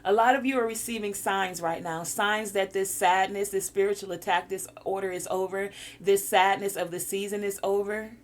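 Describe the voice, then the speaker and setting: A woman's voice: mid-range voice, steady tone, moderate pace, few pauses. A woman giving a spiritual encouragement talk, coaching listeners through breathing exercises. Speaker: spiritual guide.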